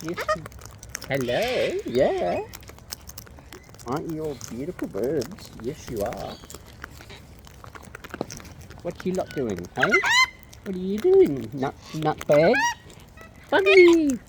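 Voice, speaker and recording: Low-voiced woman cooing at wild birds. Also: sing-song, takes it slowly, pauses often. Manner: cooing baby talk to birds. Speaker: bird feeder vlogger. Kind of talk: casual chat to wild birds. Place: outdoors among wild birds. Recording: noisy outdoor recording with birds.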